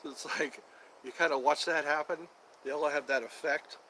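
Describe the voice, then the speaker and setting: A chatty man hosting a casual livestream from outdoors, talking into his phone. His voice sits a little high and comes across bright and forceful. He rambles loosely, with plenty of fillers, and faint outdoor noise hums behind him. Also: fairly even intonation, moderate pace, rough recording. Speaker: livestream host. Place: outdoors at sunset, traffic passing.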